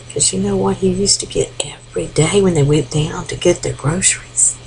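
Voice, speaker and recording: An older grandmother with a fairly low voice telling an old folk tale, animated and playful, often dropping into a hushed whisper to draw the listener in. The recording is homemade and quiet, with a faint hiss behind her. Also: poor audio. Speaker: grandmother storyteller.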